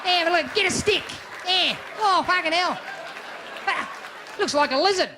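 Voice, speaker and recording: A man voicing a crude, loud Australian bloke ogling a woman, with brash, coarse shouting and an Australian accent. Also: very high voice, normal speed, a crowd in the background, background noise, voice pushed up.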